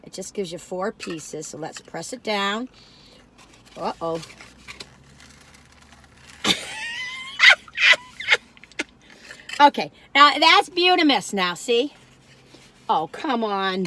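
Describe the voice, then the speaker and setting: A woman's voice: a little high, fairly bright tone, a little hiss or hum. Chatty rambling older woman. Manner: rambling, chatty, easily sidetracked. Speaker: food vlogger. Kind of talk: casual chatty food review vlog.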